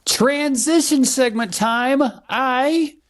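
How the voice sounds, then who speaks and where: A man's voice: very high voice, very slow, fairly bright tone. A man co-hosting a movie podcast, talking casually and bluntly, with strong opinions. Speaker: podcast co-host.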